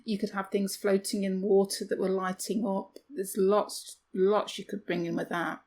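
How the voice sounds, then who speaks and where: A woman's voice: medium pitch, level tone, moderate pace, a little mellow. Chatty self-deprecating woman. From United Kingdom. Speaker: podcast co-host. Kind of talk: casual chat.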